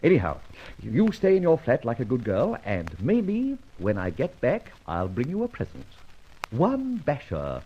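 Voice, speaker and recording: An actor playing a suave, proud gentleman thief, theatrical and wry, quick to indignation, in a 1940s-style radio drama. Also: mid-range voice, huge pitch swings, slight background noise. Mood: scheming. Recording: dull old radio recording.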